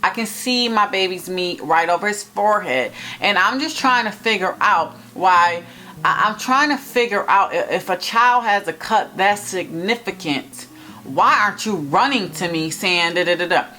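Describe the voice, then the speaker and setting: Animated young woman telling a story. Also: mid-range voice, moderate pace. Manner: animated, emphatic, talks straight to viewers. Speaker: vlogger telling a personal story. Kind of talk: casual storytime to camera.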